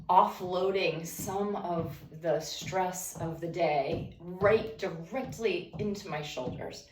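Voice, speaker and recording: A woman talking calmly and breathily while she stretches and breathes, walking through her routine in a room at home. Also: lowish voice, recorded from a distance, a little hiss or hum. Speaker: vlogger leading a stretching routine. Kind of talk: casual narrated stretching session. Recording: echoey room, away from the mic.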